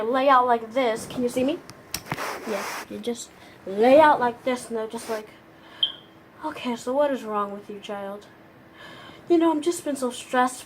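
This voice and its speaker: Animated young woman vlogger, fairly high voice. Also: slight background noise. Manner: animated, sarcastic, acts out little scenes. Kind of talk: comedic vlog monologue.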